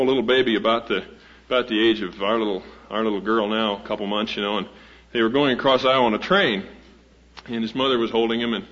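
A man's voice: mid-range voice, a bit bright. A man introducing a guest speaker to a live audience, telling a humorous story in a folksy, rambling way with many fillers and restarts. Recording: dull lo-fi old recording.

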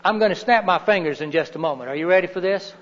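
A high-pitched, fast-talking middle-aged man with a fairly bright tone runs a live workshop talk. He's friendly and folksy, regularly turning questions to the audience, recorded dully and reverberantly in a meeting room with windows and a heater.

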